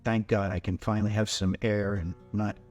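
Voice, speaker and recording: An older man recounting his life in a personal testimony, halting and repeating words as he goes. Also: on the low side, level tone, darkish tone, faint music behind.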